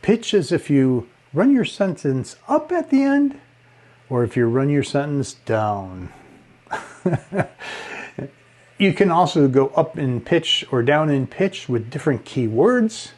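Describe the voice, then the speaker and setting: Man, speaking coach, slow deliberate delivery, expressive pitch and volume swings, relaxing tone, frequent chuckles. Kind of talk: instructional talk on speaking.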